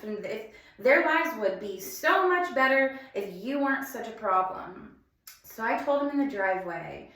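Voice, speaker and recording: A young woman recounts a personal ordeal, stopping and restarting her sentences as she goes. Her voice sits a little high, and the words carry emphasis. The recording rings with heavy room echo. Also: fairly bright tone. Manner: halting, restarting, emphatic retellings. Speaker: vlogger telling a personal story. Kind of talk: emotional personal storytelling. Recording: very echoey room.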